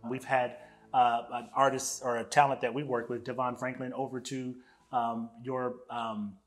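A man giving a spoken tribute to a colleague, full of praise and gentle joking. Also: mid-range voice, level tone, normal speed, soft background music. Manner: warm praise, light and joking.

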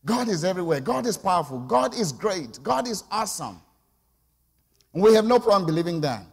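A man's voice: high-pitched, big pitch swings, a little fast, gravelly, slightly rough. A middle-aged man preaching a conversational sermon in church, often calling for the congregation's response. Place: church sanctuary. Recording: long church reverb.

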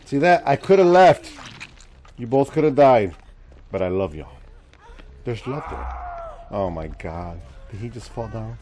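A man in his forties streams a game, chatting and joking with his viewers, his medium-pitched voice a little slow and full of pauses. He's lively, swinging from mumbles to loud exclamations, and a slight hiss or hum can be heard.

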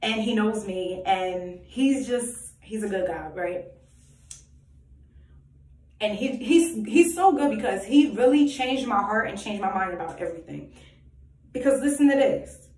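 A woman's voice: mid-range voice, expressive, a little slow, long pauses, a little mellow. A woman giving an emphatic, preachy personal monologue full of rhetorical questions and repetition. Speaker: self-styled prophetic vlogger. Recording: echoey room, voice far from mic.

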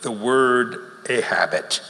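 Animated preacher in a big hall. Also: male voice, mid-range voice, slow pace, gravelly. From Louisiana, USA. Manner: folksy, animated, laughing between lines. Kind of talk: sermon. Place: large church auditorium. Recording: long hall reverb with faint crowd ambience.

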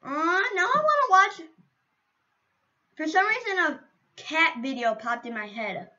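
A woman's voice: very high-pitched, very animated, a little slow, sharp tone, lo-fi sound. A woman streaming a game, chatting casually to viewers in a playful, rambling way with silly asides, on a computer microphone. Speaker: gaming streamer.

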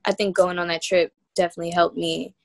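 A woman's voice: fairly low pitch, little pitch movement, fast talker, creaky. A young woman from New York, a guest musician telling stories in a loose, slangy, laid-back way during a casual interview chat.

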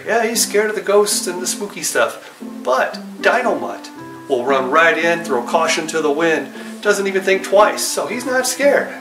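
A man's voice: fairly high pitch, echoey room. A man hosting a casual talk show, retelling comic book jokes in a chatty storyteller's way. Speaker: host.

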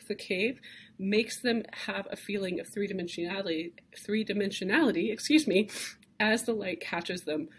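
A woman's voice: mid-range voice, a little hiss or hum. A woman lecturing a class on cave art, speaking conversationally and enthusiastically with frequent fillers and restarts.

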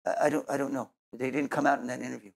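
A man's voice: mid-range voice, steady tone, racing, gravelly. A man teaching as a Messianic Jewish preacher, delivering an earnest sermon and closing in prayer, often repeating words as he finds his thought. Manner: earnest, repeats words while searching for them.

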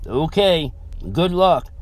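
A man voicing a calm father who speaks in a dry, laconic way. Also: on the high side, takes it slowly, pitched above the performer's own voice.

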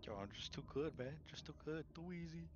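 A man's voice: on the high side, fairly quick, highs cut off, a crowd in the background. A man playing an online game with friends, bantering in a cocky, slangy way. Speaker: gaming teammate. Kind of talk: casual gaming chat.

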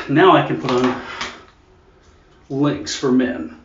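Man, casual vlog, crude joking ramble, mid pitch, echoey room. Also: animated, normal speed, long pauses, fairly bright tone, slight background noise. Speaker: vlogger. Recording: echoey dull room sound.

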